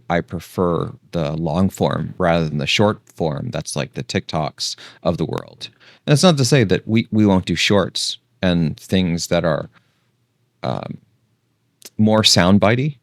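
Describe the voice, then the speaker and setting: A man hosting a casual long-form talk, meandering and thinking out loud, sometimes losing his thread. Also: sits low, vocal fry, no room sound, clean studio sound. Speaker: host.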